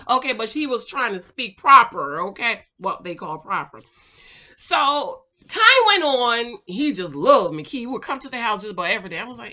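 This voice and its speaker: A Jamaican woman telling a personal story in a casual, animated vlog. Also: fairly high pitch, moderate pace, dull audio. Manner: animated, chatty, swings from loud to quiet. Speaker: vlogger.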